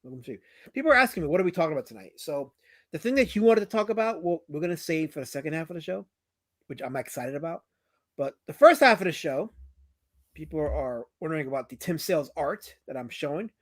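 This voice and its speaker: A man hosting a livestream, teasing his chat and guest in casual banter, swinging from loud outbursts to mumbled asides. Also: a little high, animated, fast, no room sound. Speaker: livestream host.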